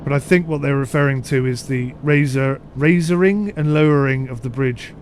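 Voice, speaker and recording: A man's voice: medium pitch, normal speed, slight background noise. A man with a mixed southern English accent giving chatty, rambling live commentary over a ship simulator and answering his chat. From United Kingdom. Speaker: streamer.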